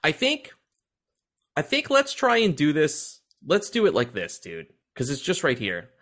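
A man co-hosting a podcast, telling stories in a loose, excitable way. He swears freely and laughs often, and his pitch swings widely as he talks. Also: a little slow. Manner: excited, profane, laughing storyteller. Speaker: podcast co-host. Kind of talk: casual chat.

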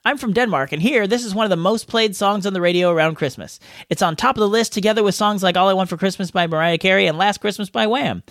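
A man's voice: high voice, quick pace, hardly any pauses, a bit bright, no room sound, clean studio sound. A man hosting a podcast, reading listener letters aloud in a playful, jokey way. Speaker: podcast host. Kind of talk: casual podcast chat reading listener mail.

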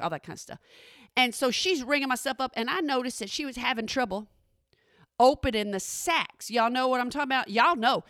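Animated woman telling funny stories. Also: on the high side, dry recording, studio quality. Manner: animated, talks straight to listeners. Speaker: radio host. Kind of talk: comedic storytelling monologue. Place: radio studio. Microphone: studio microphone.

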